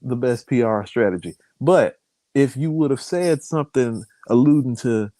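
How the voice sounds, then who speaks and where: A man co-hosting a podcast, talking in a relaxed, rambling way, restarting his sentences often in casual opinion chat. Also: mid-range voice, normal speed, dry recording. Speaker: podcast co-host.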